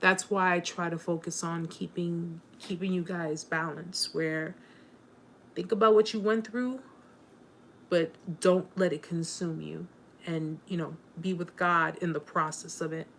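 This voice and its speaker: A woman hosting a casual live chat with viewers, warm and encouraging, rambling with many fillers and restarts, openly emotional. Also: fairly low pitch, fairly even intonation, unhurried, creaky, slight background noise.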